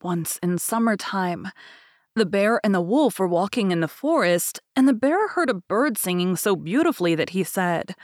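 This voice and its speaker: A woman with a fairly low voice reads a fairy tale aloud in a measured, expressive way. The sound is dry and close, with no room around it. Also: no room sound. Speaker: podcast host and reader. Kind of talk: storybook narration.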